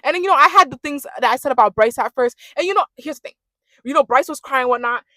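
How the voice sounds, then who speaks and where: Sassy high-voiced young woman ranting. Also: fast, no echo, studio quality. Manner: animated, sassy, mimics cast members. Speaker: reality show commentator. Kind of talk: casual ranting recap.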